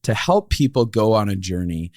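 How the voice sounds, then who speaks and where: A man's voice: fairly low pitch, lively intonation, moderate pace, darkish tone, no echo, studio quality. A man co-hosting a relationship podcast, chatting casually, laughing often and rambling with restarts. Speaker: podcast co-host. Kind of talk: casual chat.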